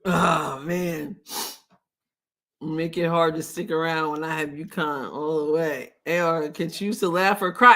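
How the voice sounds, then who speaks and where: A woman's voice: sits low, fairly even intonation, measured pace, fairly bright tone. A middle-aged woman hosting a casual live stream, laughing often as she chats with her viewers. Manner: laughs often, sings playful call-and-response prayer lines.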